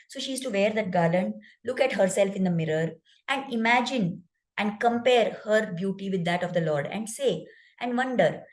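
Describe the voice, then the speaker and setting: A woman's voice: mid-range voice, moderate pace, low-quality recording. A woman spiritual teacher narrating a devotional story in an explanatory way, with rhetorical asides to listeners.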